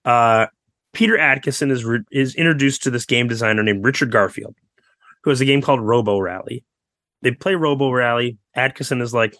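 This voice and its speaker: A man talks through a story as a podcast guest, piling on asides and quick fillers. His voice is bright and forceful, recorded dry and close with no room sound. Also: medium pitch, dry recording. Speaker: guest author. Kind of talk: casual podcast interview.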